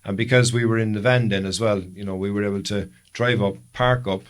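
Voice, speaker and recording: Low-voiced Irish man spinning long stories. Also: fairly even intonation, fairly quick. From Ireland. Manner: long rambling storytelling with self-corrections. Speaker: podcast co-host. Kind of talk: casual chat.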